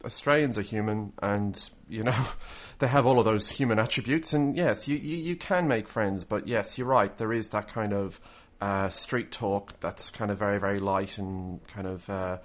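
A man co-hosting a chatty podcast, his voice sitting a little low. He rambles, circling back with fillers and restarts as he talks. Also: normal speed, hardly any pauses. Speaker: podcast co-host. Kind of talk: casual chat.

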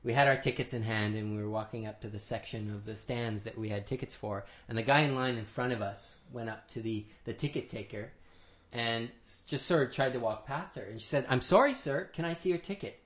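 A man co-hosting a casual chat, explaining plainly in a relaxed way. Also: lowish voice, a little fast. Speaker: podcast co-host.

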